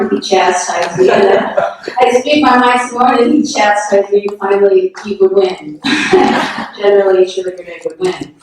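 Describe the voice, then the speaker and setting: A woman shares frank, self-deprecating stories and laughs often along the way. She sounds distant from the microphone in a big echoing hall with a faint hiss behind her. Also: medium pitch. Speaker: speaker at a memorial gathering. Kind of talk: telling personal anecdotes. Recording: echoey hall from far off.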